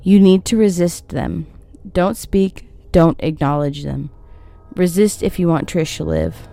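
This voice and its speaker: A young stranger with a thick foreign accent gives urgent, insistent warnings, as a woman narrator reads her lines. The voice sits fairly low for a woman and stays close to the reader's everyday tone. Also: expressive, unhurried, gravelly, mellow.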